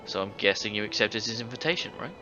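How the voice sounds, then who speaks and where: A man's voice: on the low side, lively intonation, quick pace, sharp tone, soft background music. A man voicing a young villager in a video game, earnest and inquisitive. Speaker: player character. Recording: dull game audio with faint hiss.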